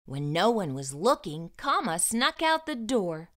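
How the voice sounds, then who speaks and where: A woman reading a picture book aloud to children in an animated, sing-song manner. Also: medium pitch, measured pace. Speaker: children's storyteller.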